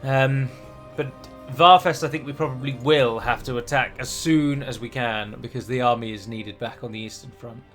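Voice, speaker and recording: A man's voice: mid-range voice, steady tone, moderate pace, few pauses, a bit bright, soft background music. A man hosting a strategy game let's play, chatty and rambling, with restarts and the odd dramatic flourish. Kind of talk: game commentary.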